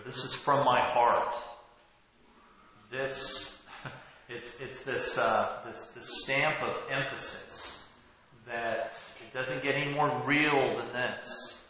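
A man's voice: medium pitch, fairly even intonation, takes it slowly. A pastor in his forties giving a conversational sermon and often restarting his sentences. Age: 40s. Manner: conversational, with self-interrupting restarts. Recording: echoey hall, dull lo-fi sound.

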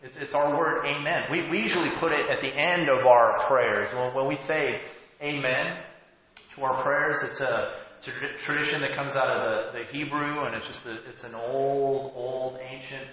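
A man's voice: medium pitch, steady tone, moderate pace. A pastor in his forties giving a conversational sermon and often restarting his sentences. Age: 40s. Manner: conversational, with self-interrupting restarts. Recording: echoey hall, dull lo-fi sound.

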